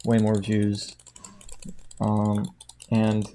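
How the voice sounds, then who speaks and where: A man chatting casually at his computer at home, tired, quiet and rambling, laughing often. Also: on the low side, completely flat delivery, extremely slow, a little hiss or hum. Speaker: video creator. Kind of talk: casual chat while clicking at a computer. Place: at home indoors.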